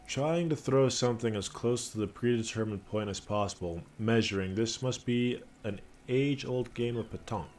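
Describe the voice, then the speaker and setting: A man's voice: medium pitch, moderate pace, hardly any pauses, darkish tone. A man streaming a game live, joking around and reading the dialogue aloud in his own voice.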